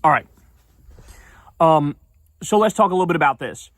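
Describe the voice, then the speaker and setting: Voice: mid-range voice, lively intonation, no room sound, studio quality. A streamer ranting casually about politics on a livestream, swearing often and sounding indignant. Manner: profane, indignant, fast-talking.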